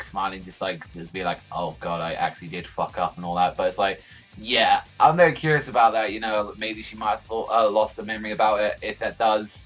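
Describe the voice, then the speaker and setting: A man's voice: on the low side, low-quality recording. A man reviewing a manga chapter in a casual vlog, rambling with constant fillers and frequent swearing.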